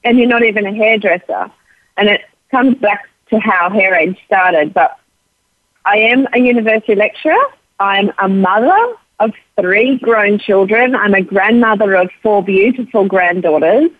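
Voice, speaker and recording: A woman's voice: mid-range voice, moderate pace, no echo. A woman in her fifties with an Australian accent, a grandmother and charity founder, answering interview questions as she tells a long story and quotes others in a lifted voice. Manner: warm anecdotal storytelling, quoting others with lifted voice. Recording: dry tinny phone line.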